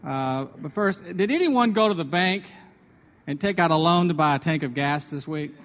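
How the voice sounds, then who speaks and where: A man with a somewhat high voice talks in a chatty, storytelling way on a radio devotional. He moves from personal anecdotes to a spiritual lesson. A long hall reverb trails after his words. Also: lively intonation, moderate pace, a bit bright, a little hiss or hum. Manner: chatty, personal anecdotes building to a sermon point.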